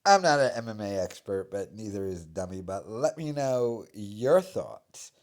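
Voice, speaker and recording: A man's voice: fairly low pitch, lively intonation, measured pace. A man hosting a reaction video, ranting with scornful sarcasm. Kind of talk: reaction commentary.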